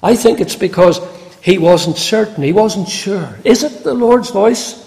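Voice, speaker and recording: A man delivers a sermon at an unhurried, deliberate pace, his slightly high voice swinging widely as he quotes scripture with emphasis. His words ring out in a church hall with a long, lingering reverb. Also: animated, vocal fry, a little mellow. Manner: slow, measured preaching with emphatic quoted scripture. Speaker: preacher.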